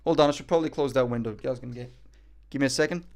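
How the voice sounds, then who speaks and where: A man's voice: medium pitch, racing, a little mellow. A man streaming live, reacting in casual chat; cocky, joking, profane and rambling.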